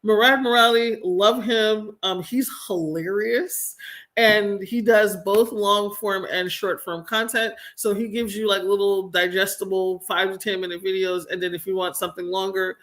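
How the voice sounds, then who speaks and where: A woman's voice: medium pitch, steady tone, moderate pace, fairly bright tone. A young woman hosting a casual live-stream commentary show, chatty and exasperated, with slangy asides to her viewers.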